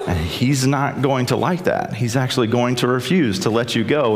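A man's voice: mid-range voice, normal speed, few pauses, in a large hall. A man preaching a sermon in a chatty, conversational way, often checking in with the listeners. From South Carolina, US. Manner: conversational, asks the audience with "right?". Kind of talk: sermon, retelling a scripture story.

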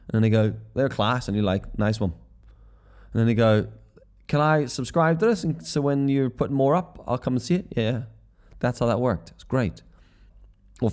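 A middle-aged man rambling through a podcast monologue in a warm, mellow voice that sits a little low. He swears freely and breaks into short quoted voices to act out everyday scenes. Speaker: podcast host. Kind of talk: casual comedic monologue.

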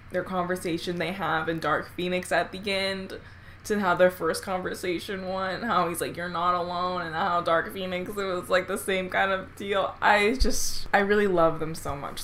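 A woman doing casual reaction commentary on a movie, gushing, laughing and swearing excitedly. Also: lowish voice, slight background noise.

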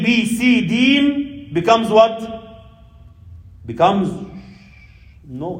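In a high-pitched voice, a man preaches fervently to his brothers and sisters as an Islamic preacher, mixing Arabic religious phrases into his words. The poor-quality recording is reverberant.

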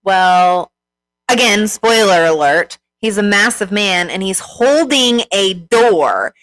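Animated woman telling a story. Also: mid-range voice, slow pace, rough recording. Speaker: podcast co-host. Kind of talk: casual chat.

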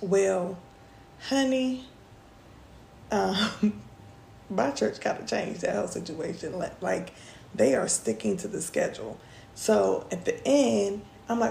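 A young woman tells a personal story on her podcast in a loose, chatty way, calling her listeners y'all. Her voice is heavily gravelly and mellow. The room echoes, with faint ambience behind her. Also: medium pitch, measured pace, a little hiss or hum. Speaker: podcast host. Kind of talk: casual storytelling.

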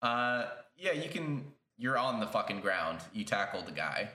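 A man's voice: lowish voice, very animated, measured pace, roomy sound. A man running a tabletop game as game master, narrating casually and swearing now and then. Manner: casual, swears, puts on shouted voices for characters.

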